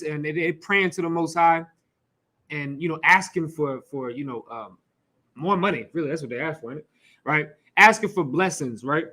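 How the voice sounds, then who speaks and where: With a fairly high-pitched voice that sounds pushed and bright, a man leads a scripture class through a casual, chatty sermon. He throws in rhetorical questions, asides and an occasional curse, laughing and addressing the room.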